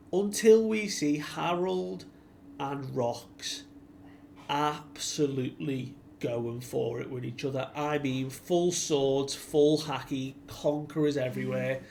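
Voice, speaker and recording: Gravelly-voiced man recapping a chapter. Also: fairly high pitch, measured pace, darkish tone, slight background noise. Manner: chatty retelling that acts out the characters' lines. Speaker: anime and manga reviewer.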